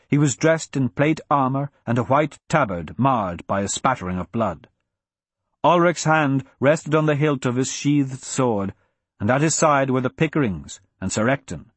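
A man narrating a fantasy audiobook in a steady, measured storytelling manner, recorded on a close mic. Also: mid-range voice, breathy edge, no room sound.

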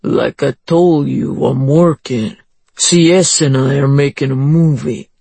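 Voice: mid-range voice, fairly even intonation, a little slow, creaky, dark tone, husky, dry recording. A narrator plays a big, nervous man on the defensive, speaking tensely. It is recorded dry and close.

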